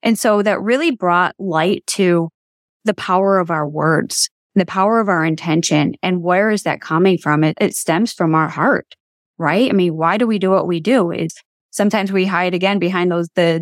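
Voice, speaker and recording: A woman's voice: lowish voice, no echo, studio quality. Earnest woman hosting a faith-minded interview. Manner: earnest, faith-centered, reflective. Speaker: podcast host. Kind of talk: conversational interview.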